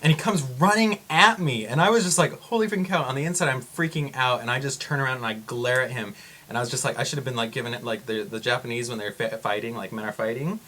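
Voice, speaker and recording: A man vlogs to the camera with a mid-range voice, talking fast. His story rambles excitably and is full of exclamations.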